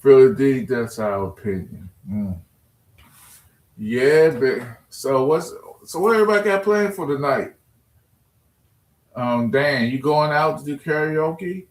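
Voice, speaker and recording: A man sits at his computer streaming live, reading chat aloud and ribbing his viewers in loose, joking trash talk. He speaks at a middle pitch. The room around him sounds echoey. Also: takes it slowly, long pauses.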